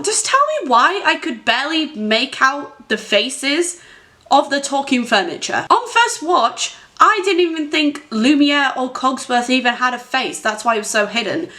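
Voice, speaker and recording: Chatty young woman vlogger, higher voice. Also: sharp tone. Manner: chatty, giggly, rambling with frequent tangents. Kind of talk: casual film commentary vlog.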